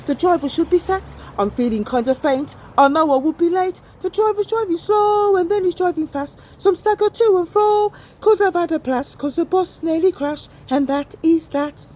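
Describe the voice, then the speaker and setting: A woman's voice: high-pitched, a little mellow, slight background noise. A woman performing a wry spoken-word story, slipping into rhymes as she narrates.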